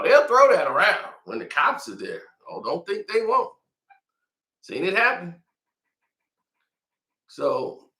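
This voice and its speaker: A man talks in a casual, slangy way, telling stories and commenting, often breaking into laughter. His voice sits high and swings widely in pitch, with a very bright, sharp edge. The room around him adds a clear echo. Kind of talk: animated commentary and storytelling.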